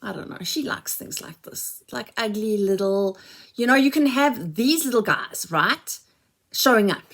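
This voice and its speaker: A woman's voice: on the high side, expressive, a little slow. A mother chatting casually as she unboxes a shopping haul, gushing and exclaiming over each item.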